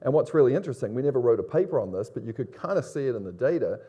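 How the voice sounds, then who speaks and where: A middle-aged man with a Long Island accent giving a lively, conversational conference presentation and putting questions to the audience. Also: medium pitch, racing, breathy edge. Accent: Long Island New York. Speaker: conference speaker, business academic.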